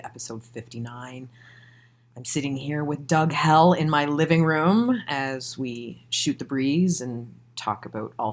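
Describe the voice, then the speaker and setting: Woman online-radio host, deep voice, wry and casual, living-room setup. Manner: wry, quick interjections. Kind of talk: casual interview hosting.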